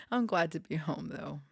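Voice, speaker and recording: A woman's voice: deep voice, creaky, husky, dry recording, studio quality. A young woman hosting a casual, rambling chat, laughing often and sometimes dropping to a whisper. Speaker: podcast host.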